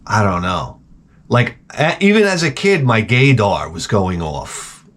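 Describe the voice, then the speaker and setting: A middle-aged man hosting a casual show, telling rambling, profane stories and jumping into loud, high-pitched exclamations when he quotes himself. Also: very animated, measured pace. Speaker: host. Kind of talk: casual storytelling rant.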